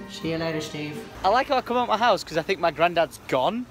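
A young man vlogs around his house and garden in a high, wildly swinging voice, excitable and swearing freely. He is filmed on a handheld camera. Faint music runs underneath. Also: fast, few pauses. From England. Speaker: vlogger. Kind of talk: casual vlog chat.

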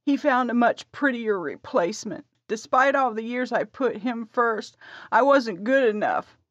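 A woman's voice: on the high side, animated, unhurried, no echo, pitched above the performer's own voice. A woman voicing an anxious, insecure heroine. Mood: upset. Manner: raised, pleading and emotional. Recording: dry, slightly dull audio.

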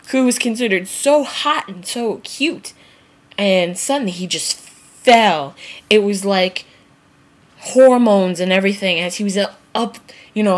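A woman vlogger ranting casually and comically to camera, rambling, laughing at herself and swearing freely. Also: mid-range voice. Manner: rambling, giggly, swears freely, acts out quotes. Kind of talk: casual comedic rant to camera.

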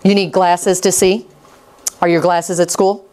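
A woman reading teacher coaching a class through words, with upbeat praise and quick prompts. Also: on the low side, flat delivery, darkish tone.

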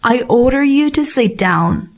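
A woman gives voice to a proud old king who commands everything, in a slow storybook reading. The orders come steady and plain, at a gentle, unhurried pace. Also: a little high. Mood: commanding.

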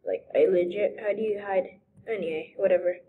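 A young woman giving excitable, giggly commentary while playing a video game. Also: mid-range voice, narrow, tinny audio, slight background noise. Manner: giggly, excitable, quick outbursts. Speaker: gamer. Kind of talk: let's play commentary.

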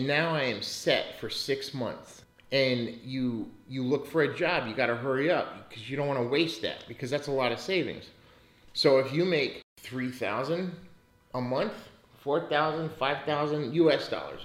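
A man's voice: medium pitch, roomy sound. A man hosting a casual podcast about money, talking bluntly and ranting with lots of swearing. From United States. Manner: profane and blunt, rants in bursts. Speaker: podcast host.

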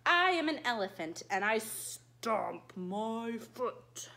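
A woman who teaches dance to small children, reading a picture book aloud in a slow, animated and cheery way that coaxes them to join in. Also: medium pitch. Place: dance studio.

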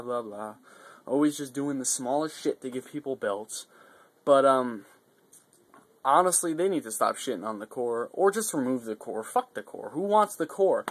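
A man giving a casual, rambling video recap, swearing often and getting worked up between fillers and restarts. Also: mid-range voice. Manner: profane, excitable, rambling with fillers. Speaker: vlogger reviewing a wrestling show.

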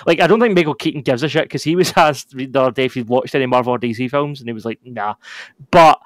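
A man with a Scottish accent co-hosting a podcast, going through news items in a measured, explaining way. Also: mid-range voice, no echo. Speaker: podcast co-host. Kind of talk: casual chat.

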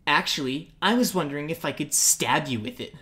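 A woman's voice: deep voice, animated, brisk, a bit bright. A woman voicing a cheeky, sarcastic young hero boy in a storybook reading.

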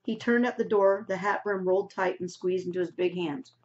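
A woman's voice: mid-range voice, steady tone, a little mellow. Woman teacher reading a novel aloud. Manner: pauses to explain words in a casual classroom way. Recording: dull lo-fi recording.

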